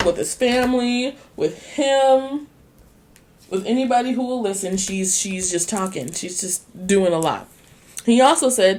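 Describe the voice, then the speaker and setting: A woman's voice: medium pitch, a little mellow. Sassy, profane woman tarot reader. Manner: blunt, sassy and slangy, swears freely; laughs often, drawn-out speech. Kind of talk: casual tarot reading.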